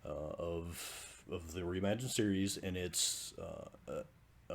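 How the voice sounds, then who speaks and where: Animated low-voiced older man. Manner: animated storyteller who gets louder as he tells it. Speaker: podcast co-host. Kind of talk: casual storytelling chat.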